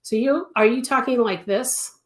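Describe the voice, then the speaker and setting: A woman's voice: fairly high pitch, moderate pace. A woman teaching crochet in a live-stream tutorial, answering viewers in a chatty way and repeating words for emphasis. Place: home craft studio. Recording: echoey room.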